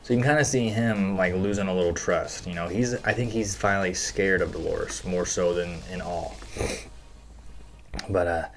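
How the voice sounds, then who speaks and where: Low-voiced man recapping casually. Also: normal speed, slight background noise. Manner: loose and chatty, heavy on fillers, casual swearing. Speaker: show recap host. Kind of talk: casual episode breakdown.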